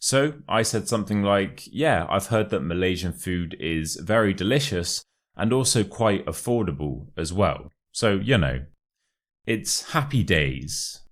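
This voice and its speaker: Deep-voiced English teacher with RP accent. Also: male voice, animated. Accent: modern RP English. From England. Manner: chatty, explains slowly and gives examples. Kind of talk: casual lesson to camera.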